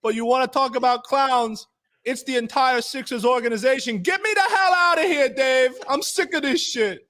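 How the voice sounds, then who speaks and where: Brief: a man putting on a boastful, fed-up basketball star, high and yelling. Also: moderate pace. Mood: mocking rant. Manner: shouting, mocking. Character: ranting male basketball star, cocky and fed up.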